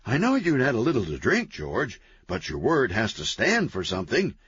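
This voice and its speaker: A man's voice: medium pitch, wildly swooping pitch, a bit bright, breathy edge, dry recording, voice pushed up, heavily acted. A man voicing a manic, chatty, cheerful antihero man who talks gleefully and wheedles. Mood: persuasive. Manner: gleeful, fast-talking, wheedling. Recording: dull, lo-fi, dry.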